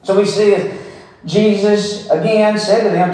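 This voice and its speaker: A man's voice: high-pitched, steady tone, a little slow, warm tone. A man preaching a sermon in a folksy, emphatic way, repeating phrases for stress. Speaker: pastor. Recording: very echoey room, mic far off.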